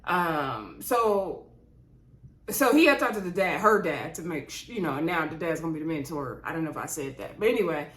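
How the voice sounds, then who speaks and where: A woman's voice: low-pitched, expressive, moderate pace, a bit bright. A woman giving a casual, rambling recap of a reality show, full of asides and fillers. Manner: rambling, chatty, digressive, with frequent asides and fillers. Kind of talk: casual chatty episode recap. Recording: roomy echo.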